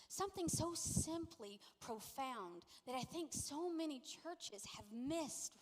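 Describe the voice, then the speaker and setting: High-voiced woman pastor preaching in a hall. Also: slow pace, hardly any pauses. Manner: lively storytelling, playfully acting out quotes. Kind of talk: sermon. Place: church sanctuary. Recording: long echo of a large church hall.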